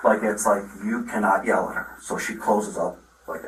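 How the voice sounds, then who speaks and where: A middle-aged father telling the police a long, halting account with many restarts, recorded on a body camera. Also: on the low side, a bit bright. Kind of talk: recounting events in a conversation. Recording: roomy, from far off the mic.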